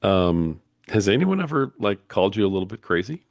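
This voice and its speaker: A man's voice: fairly low pitch, big pitch swings, brisk, darkish tone, no echo, clean studio sound. A man hosting a podcast interview, easygoing and teasing, often laughing along with his guest. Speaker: podcast host. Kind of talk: casual interview.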